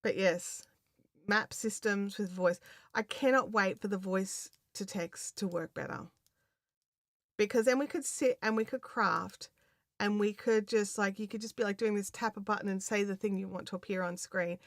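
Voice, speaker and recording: A woman's voice: mid-range voice, fairly even intonation, moderate pace, no echo. Australian woman host, rambling livestream chatter, dry close sound. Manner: chatty, rambling, laughs often, many fillers. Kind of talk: casual livestream chat reading viewer comments.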